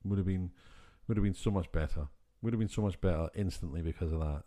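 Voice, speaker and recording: A man's voice: sits low, fast talker, mellow. A man with a Scottish accent, co-hosting a podcast in casual, rambling chat with frequent restarts. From Scotland. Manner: rambling, with many restarts and fillers. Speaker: podcast co-host.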